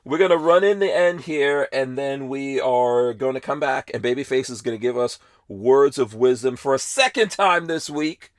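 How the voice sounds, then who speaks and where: A man with a mid-pitched voice, recorded dry and close. He hosts a podcast in a relaxed, casual way, laughing easily as he talks to his listeners. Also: moderate pace, hardly any pauses, dry recording. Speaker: podcast host. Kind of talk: casual chat and show sign-off.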